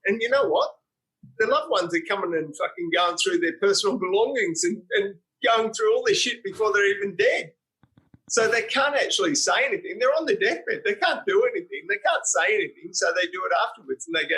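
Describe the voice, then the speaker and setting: A man's voice: high voice, animated, a little fast, bright, forceful tone, low-quality recording. A man from Australia with an Australian accent, telling stories bluntly and swearing a lot as an interview guest. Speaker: guest, private investigator. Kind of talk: casual interview storytelling.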